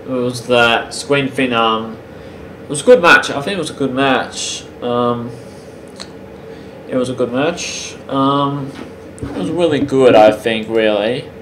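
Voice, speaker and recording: A man talks through an unscripted review at a mid pitch, stopping often to hunt for words and restarting his sentences. The sound is roomy. A faint hiss sits underneath. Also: a bit bright. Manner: halting, many ums and restarts. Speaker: channel host reviewing wrestling.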